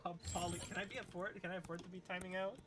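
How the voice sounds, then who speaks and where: A man's voice: high voice, level tone, rapid-fire. A young man chatting casually on a livestream, reading chat, swearing freely and laughing often as he rambles.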